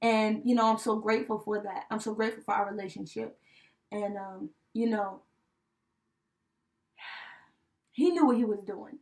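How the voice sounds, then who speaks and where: A young woman co-hosting a podcast, telling a personal story in casual chat, heartfelt and animated, with many fillers like "you know" and "right?". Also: medium pitch, a little slow, long pauses. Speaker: podcast co-host. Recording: voice a bit distant from the mic.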